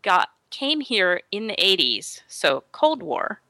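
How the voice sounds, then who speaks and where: A woman telling a story in casual podcast chat, her pitch leaping about with a bright, ringing tone. She acts out the voices of the people she quotes. The recording is close and dry. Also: sing-song, takes it slowly, no room sound.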